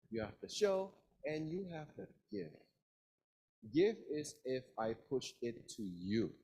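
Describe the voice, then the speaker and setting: A man's voice: fairly high pitch, a little mellow, slightly rough, rough recording. A man teaching public speaking in a live workshop, emphatic and demonstrative, often quizzing his audience. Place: university seminar room.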